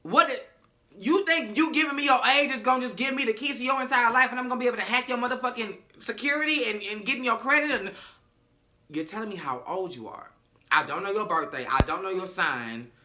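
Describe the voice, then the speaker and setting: A man's voice: very high voice, fast talker, bright, forceful tone. A man giving a casual reality-show recap, sassy, emphatic and profane.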